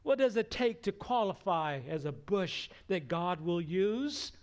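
A man preaching a sermon, emphatic, swinging between raised acted-out quotes and hushed near whispers. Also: expressive. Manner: slow, emphatic delivery with wide swings in pitch and loudness. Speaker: pastor.

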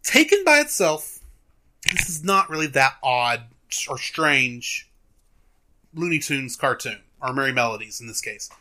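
Co-hosting a film review podcast, a man retells a cartoon in casual chat, an animated storyteller who laughs often. He speaks at a medium pitch and an unhurried pace.

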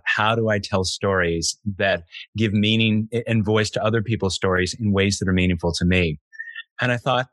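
A man's voice: fairly low pitch, no echo. A man hosting an interview, talking in stops and restarts and laughing often. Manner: warm-hearted, stumbling restarts, laughs often. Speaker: host. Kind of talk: interview conversation.

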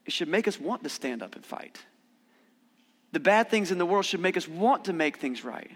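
A man preaching a conversational sermon, animated when he acts out quoted voices. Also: high-pitched, normal speed. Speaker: pastor. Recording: long hall reverb.

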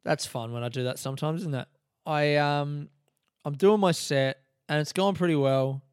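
A man's voice: fairly high pitch, moderate pace, clean tone, no echo, studio quality. Sweary man ranting on a podcast. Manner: sweary, ranting, animated retelling. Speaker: comedian podcast host. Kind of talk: casual solo podcast storytelling.

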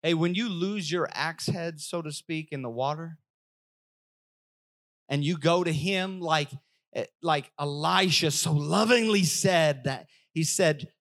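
Slow, emphatic male preacher. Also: fairly high pitch. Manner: emphatic preaching that repeats phrases and swings between loud and soft. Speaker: pastor. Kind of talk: sermon. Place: church service.

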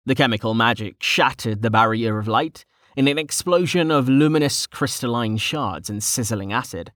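A man narrating an audiobook in a steady, measured reading. His voice sits at an ordinary middle pitch. The recording is dry and close, with no room sound around it. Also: no room sound.

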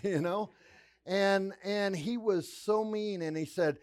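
Animated male pastor telling his story. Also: sits high, slow pace. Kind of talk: sermon testimony.

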